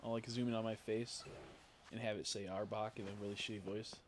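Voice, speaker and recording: A man streaming a video game, chatting casually and rambling, swearing often and reacting excitedly to what happens on screen. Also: lowish voice, brisk, background noise. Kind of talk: casual live-stream commentary while playing.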